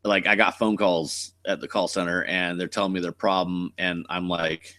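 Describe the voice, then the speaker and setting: A man's voice: sits low, level tone, normal speed, sharp tone, dry recording. A man with a West Coast American accent chatting casually on a live stream as the channel host, blunt, rambling and cursing freely.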